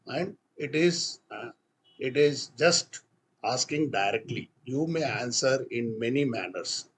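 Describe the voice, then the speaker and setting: Husky-voiced teacher, mid pitch, walks learners through phrases with pauses. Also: male voice. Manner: halting, explains with many restarts and fillers. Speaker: English teacher. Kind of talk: spoken English lesson.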